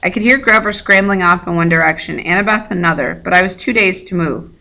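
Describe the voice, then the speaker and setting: Woman reader, bright voice, lowish pitch, casual read-aloud with stumbles. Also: quick pace, vocal fry. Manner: slips and rereads words. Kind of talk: reading a novel aloud.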